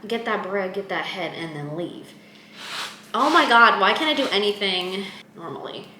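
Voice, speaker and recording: A young woman vlogging in her apartment kitchen, chatting in a rambling, self-mocking way full of quick asides. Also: fairly high pitch, echoey room, noisy background. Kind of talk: casual chatty vlog.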